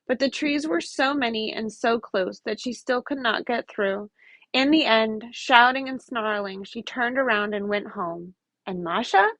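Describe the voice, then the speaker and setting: Expressive woman reading a folk tale. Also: fairly high pitch, unhurried, no echo. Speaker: storyteller. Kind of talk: storybook read-aloud.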